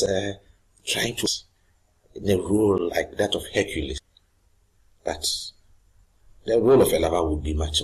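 A man teaching a literature lesson, reading lines of a play aloud slowly and then explaining them in plain words with some hesitation. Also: very deep voice, slightly rough, rough recording.

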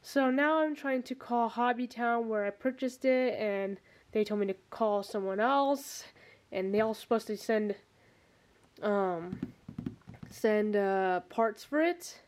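A woman's voice: a little high, slow pace. A young woman in her twenties, out of breath, chatting casually to her camera at home, rambling with many restarts. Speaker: vlogger. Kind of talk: casual vlog chat. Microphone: handheld camera mic.

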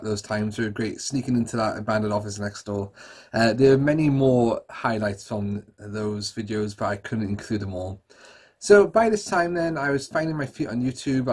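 A man hosting a casual look-back at his channel. His voice has a mid pitch and a husky, slightly breathy grain. He talks in a chatty, self-deprecating way, with plenty of fillers. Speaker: YouTuber host. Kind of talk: casual retrospective chat to camera.

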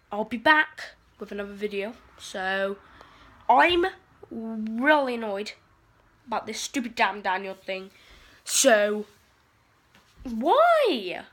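Teen girl ranting on her vlog, swears a lot, fairly high voice, rambles. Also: animated, slow pace, fairly bright tone. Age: teens. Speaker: vlogger.

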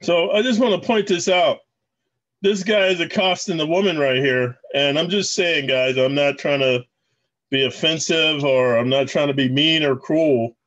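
A man's voice: fairly high pitch, steady tone, moderate pace, fairly bright tone. Rambling male vlogger, muffled lo-fi sound. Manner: rambling, addresses viewers as guys. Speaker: channel host. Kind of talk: casual commentary over clips.

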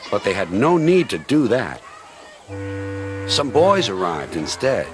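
A man reading a children's story aloud in an expressive storytelling manner. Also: lowish voice, slow pace, pauses often, slight background noise. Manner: expressive reading with many voices. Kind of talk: storybook narration. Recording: narration over loud music.

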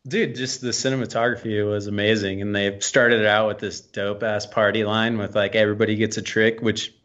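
A man with a fairly low voice talks with enthusiasm on a laid-back podcast, in loose slang. His recording sounds a bit dull and lo-fi. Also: little pitch movement, fairly quick, a bit bright. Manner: enthusiastic, laughs easily, slangy. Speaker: podcast co-host. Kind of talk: casual chat.

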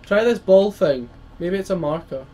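A man's voice: sits high, animated, moderate pace, dark tone. A man with a slightly raised voice offers laid-back, teasing remarks during a co-op game. His casual let's-play chatter sits over a faint bed of noise. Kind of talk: casual gaming commentary.

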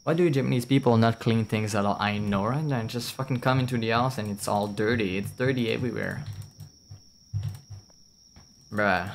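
A lowish-voiced man chats through a game stream, blunt and foul-mouthed, breaking into laughs as he reacts. A faint hiss sits under his voice. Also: normal speed, creaky, long pauses. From France. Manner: blunt and swearing, laughs often. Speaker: VTuber streamer. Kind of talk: casual gameplay commentary.

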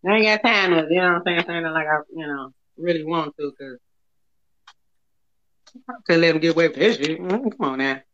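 A woman's voice: deep voice, fairly quick, pauses often, fairly bright tone, slight background noise. A woman hosting a casual livestream, talking in a blunt, profane and taunting way. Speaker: livestream host. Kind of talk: heated casual livestream talk. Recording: lo-fi livestream audio.

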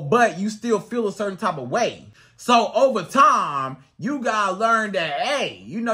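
Animated high-voiced male dating coach. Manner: emphatic, repetitive rhetorical questions; animated, swings into acted outbursts. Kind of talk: advice monologue to camera.

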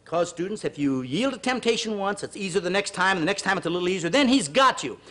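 A man's voice: high-pitched, animated, fast talker, pushed and bright. A man hosting a televised exercise class, counting reps, urging viewers on, and breaking into earnest, preachy pep talks. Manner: earnest, preachy heart-to-heart asides. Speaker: fitness show host.

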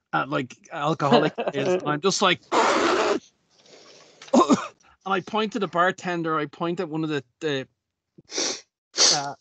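A man excitedly describing his dwarf's actions in a tabletop game, stumbling over words. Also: fairly high pitch, gravelly, background noise. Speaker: player. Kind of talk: tabletop role-play.

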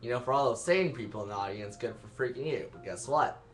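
A man's voice: mid-range voice, lively intonation, fast. A young man giving rambling, self-mocking let's-play commentary and laughing at his own jokes. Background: game music.

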